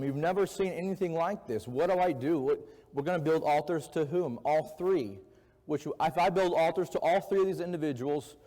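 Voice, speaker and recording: A man's voice: mid-range voice, a little mellow. Man preaching in an echoey church. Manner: conversational, asks the congregation questions. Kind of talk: sermon. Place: church sanctuary.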